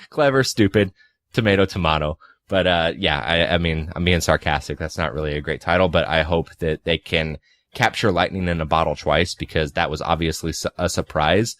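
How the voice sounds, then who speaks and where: Low-voiced man in his twenties, rambling. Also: steady tone, brisk, fairly bright tone, dry recording. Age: 20s. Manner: rambling, filler-heavy, sarcastic asides. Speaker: podcast co-host. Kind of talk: casual podcast chat about movies.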